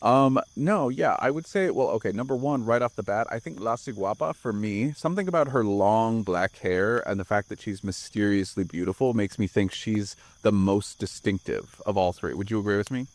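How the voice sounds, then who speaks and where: A man's voice: on the low side, moderate pace, few pauses. A man co-hosting a horror podcast, joking casually with his co-host. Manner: jokey, animated, game for silly bits. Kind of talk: casual comedic podcast banter.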